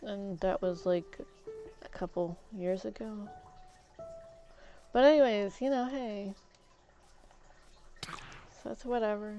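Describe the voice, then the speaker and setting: A woman's voice: mid-range voice, fairly even intonation, takes it slowly, pauses often, darkish tone. A woman streamer chatting casually while eating, rambling through meandering asides. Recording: dull lo-fi stream audio with faint music.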